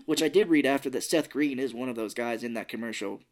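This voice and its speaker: A man's voice: medium pitch, fast talker. A man co-hosting a podcast, retelling a movie plot loosely with frequent swearing and acted-out quotes. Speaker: podcast co-host. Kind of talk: casual movie recap chat.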